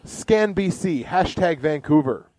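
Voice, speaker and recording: A male podcast co-host with a fairly high, very lively voice, reading police scanner posts in a slow, deliberate way. He laughs often between items. The sound is dry and close. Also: no room sound. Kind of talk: casual comedic chat, reading out scanner posts.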